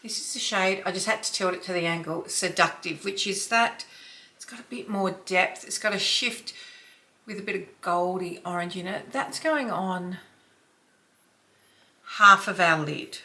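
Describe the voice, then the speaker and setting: A woman in her fifties vlogging a makeup tutorial from home. Her voice is bright and her pace is unhurried. She chats away and sometimes sinks into a soft near-whisper while applying shadow. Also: lowish voice. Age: 50s. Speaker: beauty vlogger. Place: home, dog snoring nearby.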